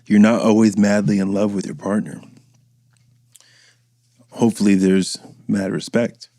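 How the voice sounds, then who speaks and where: A man's voice: fairly low pitch, level tone, a little slow, dark tone, no echo. A man in his thirties, a podcast host, chatting in a casual, rambling and profane way and acting out voices he quotes. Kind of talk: casual chat.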